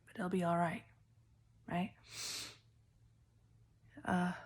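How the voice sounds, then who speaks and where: Older woman, tarot reader, rambling free-association, husky voice, low pitch. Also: flat delivery, drawn-out words. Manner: rambling free-association, trailing into whispered asides. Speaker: tarot reader and spiritual healer. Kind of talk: intuitive collective tarot reading.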